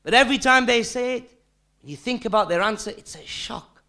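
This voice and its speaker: A man's voice: extremely high pitch, animated, a little fast, sharp tone. A man giving a recorded Islamic lesson, telling a story and asking rhetorical questions with repeated phrases. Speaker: Islamic teacher.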